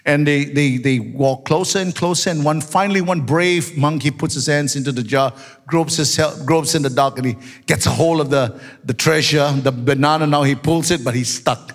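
Pastor guy telling stories in a sermon, fairly high voice, gets loud and shouty, long church hall echo. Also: moderate pace, faint music behind. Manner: animated storyteller, shouting at the climax.

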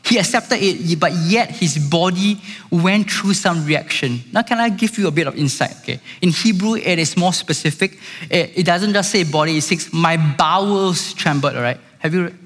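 A pastor delivers a sermon in a high, light voice. His words ring out with long reverb in a large hall, and he keeps checking in with the congregation as he preaches. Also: normal speed, fairly bright tone. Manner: preaching with call-outs to the congregation.

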